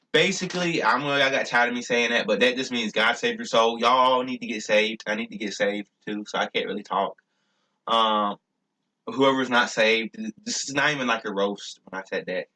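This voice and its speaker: A man's voice: mid-range voice, normal speed, bright, forceful tone. A young man talking casually in a rambling vlog, stumbling and restarting often with many fillers. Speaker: YouTuber.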